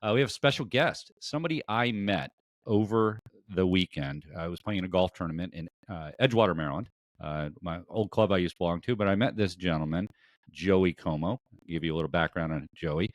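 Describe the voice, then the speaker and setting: A man's voice: deep voice, fairly quick, no room sound, studio quality. A man hosting a podcast, chatting casually and rambling through plugs and introductions. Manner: rambling with frequent fillers and restarts. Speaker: podcast host.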